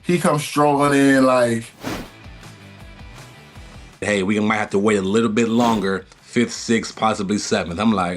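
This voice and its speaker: A man in his thirties, a former player, telling an animated story in an interview and acting out quotes with laughs. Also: lowish voice, a little slow, pauses often, soft background music.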